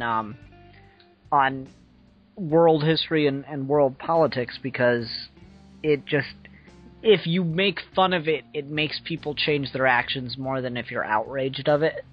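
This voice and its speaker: Man, podcast co-host, measured and pausing, muffled recording with faint music. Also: mid-range voice. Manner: measured, hesitant with many ums. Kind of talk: casual chat.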